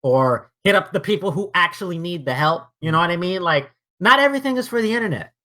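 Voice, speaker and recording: A young man co-hosting a casual podcast, talking in an animated, profane way and acting out quotes. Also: high-pitched, fast talker. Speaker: podcast co-host. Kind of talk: casual chat.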